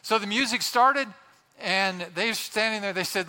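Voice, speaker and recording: Man, pastor, high bright voice, impassioned sermon, long church reverb. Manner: impassioned preaching with dramatic pauses.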